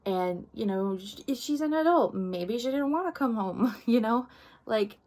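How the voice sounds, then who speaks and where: A woman's voice: fairly high pitch, expressive, measured pace, darkish tone. Chatty woman recapping a book. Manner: chatty, many likes and quoted asides, acts out characters. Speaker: book reviewer.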